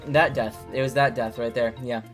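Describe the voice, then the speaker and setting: A man's voice: medium pitch, steady tone, moderate pace. A young man giving casual gameplay commentary, breaking into frustrated outbursts and swearing, recorded at a home desk mic. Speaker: gamer playing a hard level. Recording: faint game music behind.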